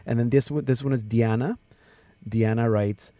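A man hosting a radio show in casual chat, reading listener prayers out slowly. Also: mid-range voice, mellow, dry recording. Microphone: studio microphone.

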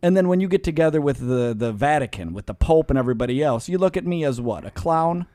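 A man's voice: a little high, quick pace, no echo, studio quality. A man in his forties hosting a comedic radio chat, joking and mocking himself. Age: 40s. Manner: joking, self-mocking, lively. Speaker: radio host.

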